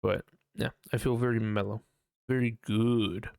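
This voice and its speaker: A man's voice: fairly low pitch, steady tone, a little slow, creaky, a little mellow, dry recording, clean studio sound. A young man hosting a casual solo podcast, rambling and swearing often, laughing at himself and mimicking his own panicked voice. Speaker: podcast host.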